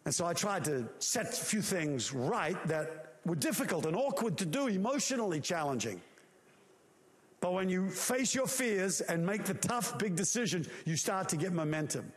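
A male preacher delivering a sermon with a noticeably high voice. He tells the story vividly, acting out scenes and mimicking sounds. His delivery rises and falls with the drama. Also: normal speed, long reverb tail. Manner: animated storytelling with acted-out voices.

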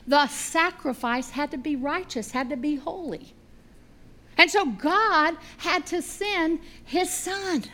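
High-voiced, animated woman preacher. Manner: animated, humorous storytelling. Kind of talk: sermon.

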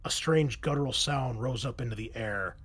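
A man's voice: mid-range voice, normal speed, fairly bright tone, husky. Man narrating a battle story.

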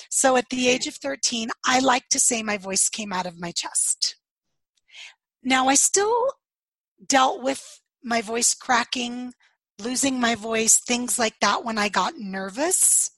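A woman with a slightly hoarse, husky voice, telling her life story in an interview and acting out the dialogue she recalls. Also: a little high, expressive, takes it slowly, a bit bright, no echo, rough recording. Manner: storytelling, acts out quoted dialogue, laughs often. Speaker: podcast guest.

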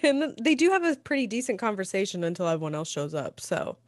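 A woman co-hosting a casual movie recap chat, relaxed and laughing often as she retells scenes. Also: medium pitch, fast talker, no room sound.

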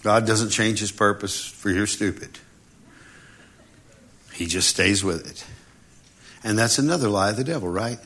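A preacher delivering a sermon with a bright, clear tone. He is animated and humorous, slipping in quick acted-out voices as he goes. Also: on the low side.

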